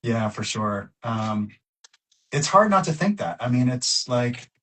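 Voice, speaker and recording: A man's voice: medium pitch, very animated, a little slow, a bit bright. Friendly, thoughtful man guesting on a chat. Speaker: guest illustrator. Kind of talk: casual chat.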